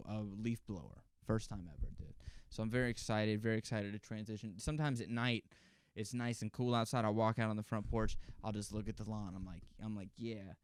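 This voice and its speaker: Brief: male podcast host, solo monologue, rambling and profane, smooth clear voice, dry close sound. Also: fairly low pitch, a little mellow, no room sound.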